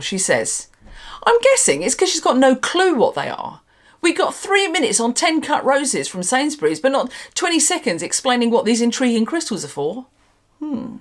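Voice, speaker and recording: A woman's voice: high-pitched, moderate pace. A woman hosting her own vlog, ranting in a sarcastic, exasperated way and swearing for emphasis. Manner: animated, emphatic delivery. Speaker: channel host.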